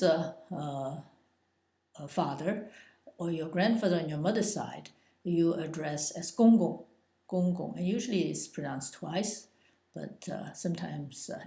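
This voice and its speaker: A woman teaching Chinese vocabulary in a slow, hesitant manner, pausing often with drawn-out fillers. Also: sits low, warm tone. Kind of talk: slow explanatory lesson. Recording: echoey room.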